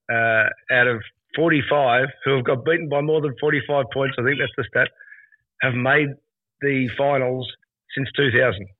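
A man with an Australian accent co-hosting a podcast, trading joking football banter in a relaxed way. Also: mid-range voice, no room sound. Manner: laid-back joking footy banter. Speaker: podcast co-host. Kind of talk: casual chat. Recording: tinny phone-like remote call.

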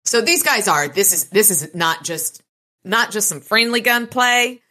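A woman co-hosting a podcast, casually recapping a novel with lively, profane retelling. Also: medium pitch, a little slow. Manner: animated, profane retelling with laughs. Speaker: podcast co-host. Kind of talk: casual book recap chat.

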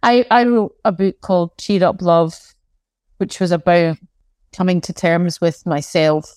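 A woman's voice: on the low side, steady tone, measured pace, a little mellow, clear, resonant tone, dry recording. A Scottish woman in her forties, a guest in a casual interview, talking candidly with self-deprecating, dry sarcastic humour. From Scotland. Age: 40s.

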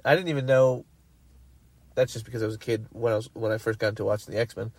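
A man from Canada co-hosting a podcast, retelling things in an animated way and laughing often. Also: fairly low pitch, quick pace, dry recording. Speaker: podcast co-host. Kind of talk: casual chat.

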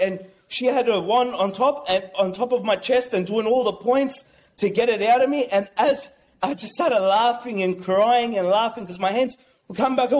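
A man telling a personal story as an interview guest, excitable and rambling, with many restarts. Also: high-pitched, normal speed. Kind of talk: casual storytelling.

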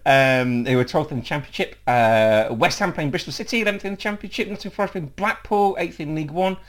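A man's voice: on the high side, fast talker. An English man hosting a casual football podcast, laughing often and rambling with fillers. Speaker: podcast host.

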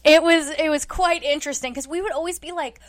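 Playful woman with a slightly high voice. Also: steady tone, fast. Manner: playful storyteller, teasing and easily amused. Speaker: podcast co-host. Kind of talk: casual chat.

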